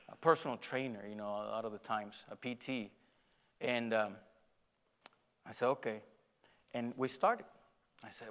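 A man's voice: medium pitch, moderate pace, fairly bright tone, in a large hall. A man preaching a sermon, telling a personal story with acted-out dialogue and self-deprecating laughter. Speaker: pastor.

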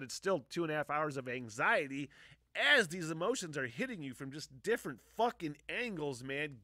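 A man in his forties rants on his own podcast in a loose, rambling way. His voice is bright and forceful, recorded close and dry. He swears freely and lets out heavy sighs between thoughts. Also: on the high side, no echo. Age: 40s. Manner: profane, emotional, sighing often. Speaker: podcast host. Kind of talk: casual rambling monologue.

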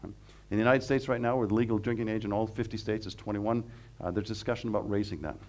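A middle-aged man from Canada, a professor giving a humorous, animated seminar talk that mixes jokes into the teaching. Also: lowish voice, fast talker. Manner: animated, joking, acts out quotes. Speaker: guest speaker, professor.

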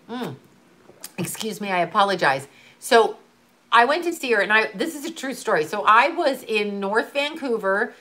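Blunt, heated woman ranting, bright voice. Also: mid-range voice. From Canada. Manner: answers viewers' comments. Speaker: livestream host. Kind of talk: casual livestream rant.

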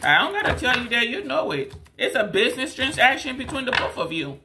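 A tarot reader gives a casual reading directly to the viewer, rambling and repeating herself with lots of fillers. Her voice is a little high, very animated and brisk, and she speaks emphatically. There's background noise.

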